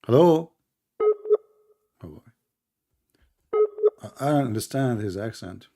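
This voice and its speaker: A man's voice: medium pitch, expressive, slow, gravelly, mellow. A man whose first language is Arabic, from the Middle East, hosting a live call-in debate in a blunt, mocking way and repeating himself often. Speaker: debate show host.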